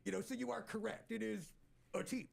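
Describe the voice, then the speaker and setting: A man hosting a podcast in casual chat, teasing his guest in an animated, rambling way. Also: high-pitched, fast, vocal fry. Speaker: podcast host.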